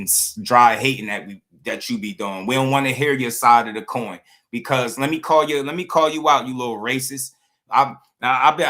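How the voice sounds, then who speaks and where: Bright-voiced man ranting on a livestream. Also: medium pitch. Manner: heated, blunt, slangy, repeats himself. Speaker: boxing channel host. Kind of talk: livestream commentary rant.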